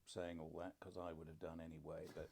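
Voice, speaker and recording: An older man speaks with a low, deep voice in a relaxed, casual conversation. He tells his stories in a reflective way and drops dry, self-deprecating jokes along the way. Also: fairly quick, vocal fry, a little hiss or hum. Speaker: podcast co-host, father.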